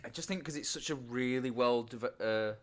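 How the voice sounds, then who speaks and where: A man's voice: medium pitch, normal speed. A man in a casual podcast chat, enthusiastic as he explains what he loves. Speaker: podcast co-host.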